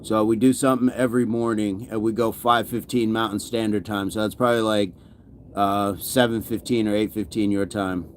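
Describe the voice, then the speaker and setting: A man's voice: on the low side, little pitch movement, moderate pace, a little hiss or hum. Upbeat man chatting on a livestream. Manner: upbeat and chatty, laughs often, greets viewers by name. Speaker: fitness livestream host. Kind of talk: casual livestream chat reading viewer comments.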